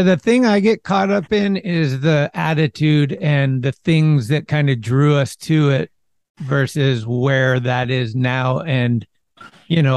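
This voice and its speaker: A man's voice: mid-range voice, darkish tone, no echo. Male interviewer, laid-back, short questions, dry close sound. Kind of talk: casual interview chat.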